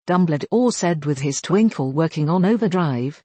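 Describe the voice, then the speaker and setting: A synthetic narrator reads a fan fiction story in an even, flat way. It stumbles over a word now and then. The pitch sits in the middle, and the sound is dry and close. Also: moderate pace, few pauses, dry recording. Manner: even, flat synthetic delivery with odd mispronunciations. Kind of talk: text-to-speech fan fiction reading.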